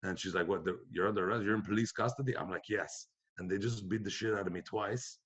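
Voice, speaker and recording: A middle-aged man from Quebec telling a profane, animated anecdote on a podcast, acting out the other people's voices. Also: on the low side, quick pace, slightly rough. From Quebec, Canada. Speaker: podcast guest comedian. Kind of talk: storytelling anecdote.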